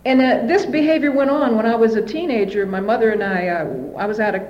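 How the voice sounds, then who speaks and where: A woman's voice: a little high, quick pace, darkish tone, muffled recording. Candid woman sharing a recovery story. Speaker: speaker sharing her story at a recovery meeting. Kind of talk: personal recovery testimony.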